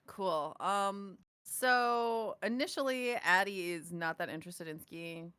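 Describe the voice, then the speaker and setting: A woman as a player in a tabletop game, telling her character's actions in an animated way. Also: medium pitch, takes it slowly, clear, resonant tone, dry recording. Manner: animated, laughing storyteller.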